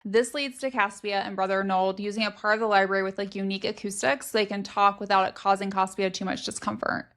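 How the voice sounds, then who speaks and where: A young woman co-hosting a book podcast, summarizing the story in a steady, matter-of-fact way. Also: medium pitch, quick pace, few pauses. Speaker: podcast co-host. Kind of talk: casual book recap chat.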